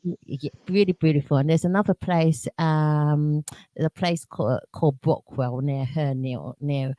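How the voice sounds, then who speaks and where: Woman, South London accent, radio host, playful laughing chat, lowish voice. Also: fairly even intonation, moderate pace, warm tone, no echo. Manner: laughs often, chatty and playful. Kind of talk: casual interview chat.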